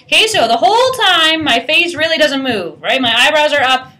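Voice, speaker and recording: Bright, high-voiced woman voice teacher. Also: animated, normal speed, soft background music. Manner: explains and demonstrates by singing, often adds "right?". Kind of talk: private singing lesson to a student.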